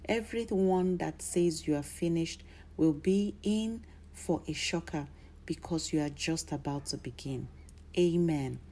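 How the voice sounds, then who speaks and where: A woman preaches a sermon with a low, mellow voice. Her delivery is declarative and steady, and it swells into emphatic bursts of emphasis. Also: a little hiss or hum.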